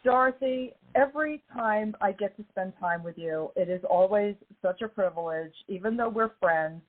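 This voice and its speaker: A woman hosts a casual podcast chat, her voice slightly hoarse as she recovers from illness. She talks effusively and presses her points home. The sound is narrow and phone-like, as if over a call line. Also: mid-range voice, moderate pace. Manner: warm, effusive, emphatic. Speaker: podcast host.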